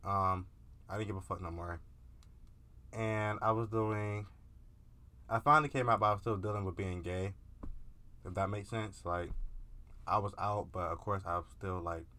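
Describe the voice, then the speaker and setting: A man's voice: sits low, sharp tone. A young man vlogging in a candid, casual confessional monologue, profane and peppered with filler words.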